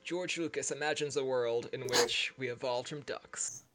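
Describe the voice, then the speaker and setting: Mid-pitched man, casual podcast co-host, chatty and joking. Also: normal speed, a bit bright, a little hiss or hum. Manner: chatty, heavy use of "like", jokey. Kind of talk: casual movie discussion.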